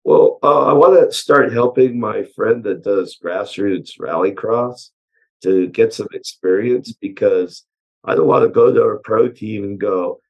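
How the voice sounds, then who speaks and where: A man with a hoarse voice from allergies, a chassis engineer guest answering interview questions in a relaxed way, with many pauses and "uh"s. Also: on the low side, dull audio. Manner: relaxed, hesitant with frequent "uh" and "um". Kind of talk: casual technical interview answers.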